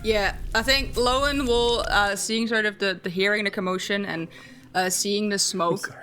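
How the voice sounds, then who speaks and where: A woman's voice: mid-range voice, steady tone, normal speed, bright, forceful tone, faint music behind. Hesitant woman player describing her character. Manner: hesitant, full of fillers, narrates her character's actions. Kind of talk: casual tabletop play.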